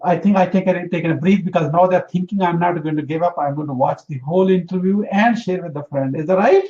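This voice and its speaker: Earnest high-voiced man giving advice. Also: fast talker, dark tone, highs cut off. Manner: earnest, emphatic, repeats for emphasis. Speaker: interview guest, entrepreneur. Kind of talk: motivational interview talk.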